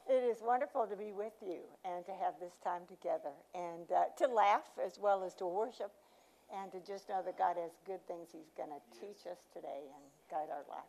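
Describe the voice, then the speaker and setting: An older woman, a pastor's wife, saying a few gentle, soft-spoken words to a church congregation. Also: lowish voice, normal speed, gravelly, low-quality recording. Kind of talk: brief remarks to a congregation.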